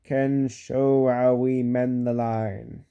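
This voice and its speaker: A man voicing a stern but kind railway boss in a storybook reading, brisk and authoritative. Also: medium pitch, flat delivery, clear, resonant tone, highs cut off. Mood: firm.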